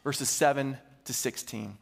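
A man's voice: medium pitch, fairly even intonation, a little slow, gravelly, long reverb tail. A man preaching a sermon as pastor, reading scripture dramatically and then challenging his listeners directly. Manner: dramatic, emphatic reading of quoted speech.

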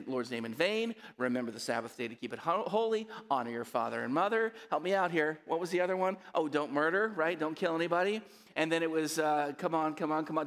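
Guy pastor preaching, kinda high voice, chatty, keeps asking the crowd to talk back, big echoey church. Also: fairly bright tone. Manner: conversational, asks the congregation to respond. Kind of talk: sermon.

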